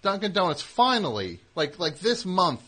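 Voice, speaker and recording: A man's voice: high-pitched, big pitch swings, bright, forceful tone, husky. A man hosting a call-in radio show, teasing callers and rambling through stories. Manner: teasing, rambling, quick back-and-forth. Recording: radio broadcast.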